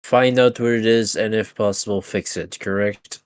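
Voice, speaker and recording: A man playing a tabletop game who asks measured, pointed questions. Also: on the low side, steady tone, smooth. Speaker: player. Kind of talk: casual chat at a tabletop game.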